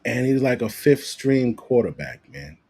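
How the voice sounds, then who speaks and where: Animated husky man ranting. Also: mid-range voice, measured pace. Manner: animated, profane, repeats himself. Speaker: sports commentator vlogger. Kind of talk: casual ranting commentary.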